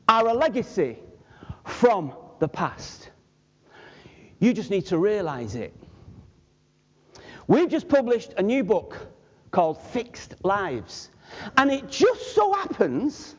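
In a big hall that gives the audio a long reverb, a Mancunian preacher mixes personal storytelling into his sermon. His voice is very high and energetic, bouncing up and down as he jokes and speaks straight to the audience. The sound quality is muffled and lo-fi.

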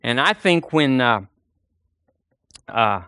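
A man's voice: medium pitch, animated, slow, pushed and bright, clean tone, no room sound, studio quality. A man preaching a sermon as pastor, folksy and storytelling, acting out the voices of the people in his stories.

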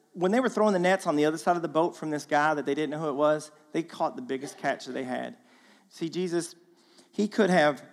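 Male guest preacher with a fairly high voice, casual and animated, recorded with a long church-hall echo. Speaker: guest speaker. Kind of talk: sermon. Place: church auditorium.

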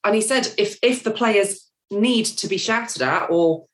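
A woman's voice: medium pitch, unhurried, a bit bright. A woman talking about football on a podcast. She talks in a hesitant way, with frequent ums and restarts. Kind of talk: casual chat.

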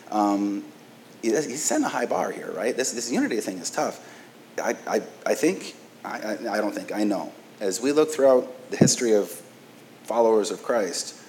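Low-voiced casual preacher, keeps asking "right?". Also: male voice, a little mellow, slight background noise, rough recording. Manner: casual, asks "right?" often, stammering restarts. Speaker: pastor. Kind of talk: conversational sermon.

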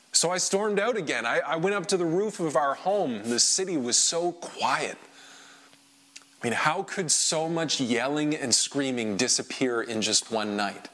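A man performing an emotional first-person dramatic monologue, swinging between hushed lines and loud outbursts. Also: medium pitch. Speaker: dramatic storyteller.

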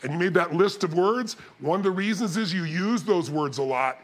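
A man giving a motivational seminar talk, telling stories with animated energy and bursts of shouting. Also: sits high, moderate pace. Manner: animated storytelling, shouting and mimicking others. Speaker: motivational speaker.

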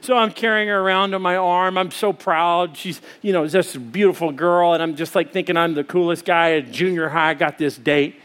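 A male pastor preaching a sermon, telling a lively personal story and acting out his own screams. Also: a little high, normal speed, few pauses, clean tone.

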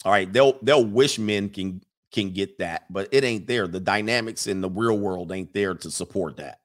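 A man's voice: lowish voice, normal speed. Emphatic man hosting a casual livestream. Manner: conversational, emphatic, frequent fillers and restarts, reads chat comments aloud. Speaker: livestream host reading chat.

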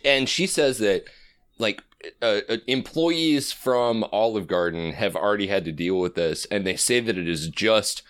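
Low-voiced profane podcast guy. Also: lively intonation, measured pace, fairly bright tone. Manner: casual, profane, storytelling. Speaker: podcast co-host. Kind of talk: casual chat.

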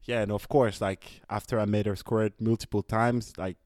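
A man's voice: fairly low pitch, little pitch movement, normal speed, a little mellow. A man appearing as a podcast guest, telling a personal story in a casual, laughing way. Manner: casual, laughing, with fillers like "like" and "basically".

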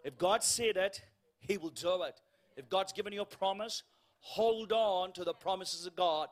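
A man preaching a sermon in a church, telling a funny story and acting out the lines of the people in it, with quoted voices sinking to a hush. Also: high-pitched, normal speed. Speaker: guest preacher.

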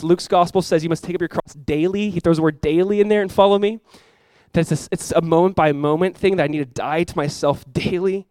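A young adult man preaching a sermon as pastor, casual and animated, full of "like" asides. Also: fairly high pitch, no room sound. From South Florida.

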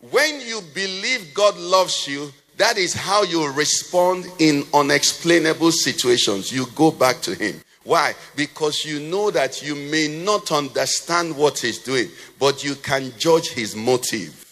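Preaching in a church hall, this pastor has a high-leaning voice with a sharp edge. He asks the congregation questions and has them complete his sentences, and the recording carries a long church reverb.

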